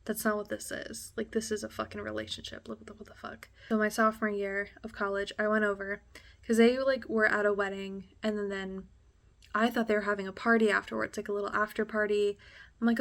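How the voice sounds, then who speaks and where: Young woman, vlogger, candid emotional storytelling, lots of "like" and swearing, flat even pitch, hushed near-whisper at tense points. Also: fairly quick. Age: young adult. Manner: drops to a hushed near-whisper at intense moments. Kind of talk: personal storytelling to camera.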